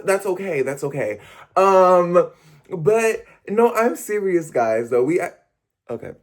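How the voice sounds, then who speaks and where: A man vlogging in a casual chat to the camera, animated and playful, breaking off mid-thought and talking straight to his viewers. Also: medium pitch. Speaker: vlogger and performer.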